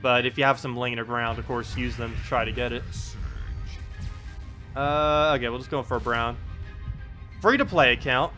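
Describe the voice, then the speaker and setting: A man's voice: medium pitch, steady tone, moderate pace, long pauses, pushed and bright, soft background music. A man live-streaming a game in casual chat, reading out viewers' messages and laughing often as he talks. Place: home in South Carolina.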